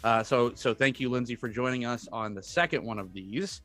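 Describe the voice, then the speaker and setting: A man's voice: mid-range voice, moderate pace, fairly bright tone, no room sound, faint music behind. A man hosting a casual movie review podcast, laid-back and joking, with frequent restarts. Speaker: podcast host.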